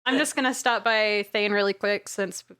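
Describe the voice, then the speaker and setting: A woman's voice: mid-range voice, normal speed, pushed and bright, smooth. A woman chatting and playing her character in a casual tabletop role-playing game, playful and laughing easily.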